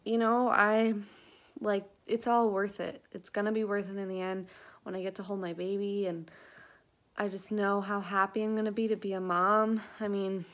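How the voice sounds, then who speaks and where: A woman's voice: medium pitch, level tone, moderate pace. A young woman vlogging, telling a personal story in a chatty, earnest way full of "like" and "um", slightly out of breath. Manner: chatty, filler-heavy, earnest. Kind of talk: casual storytelling vlog. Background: dogs.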